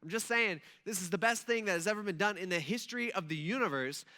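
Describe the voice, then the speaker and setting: Casual, high-voiced young pastor. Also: male voice, fast, pushed and bright. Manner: casual, joking storyteller with lots of fillers. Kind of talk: conversational sermon.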